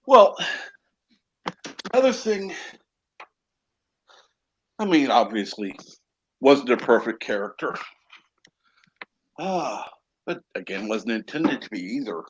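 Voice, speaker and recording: An American man in a casual live-stream chat, talking in a measured way and pausing to find his words. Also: mid-range voice, big pitch swings, husky, highs cut off.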